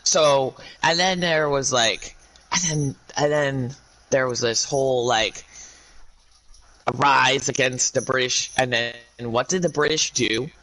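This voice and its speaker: A man speaking to his viewers in a rambling monologue, ranting in a halting way with many restarts. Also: medium pitch, sharp tone, poor audio.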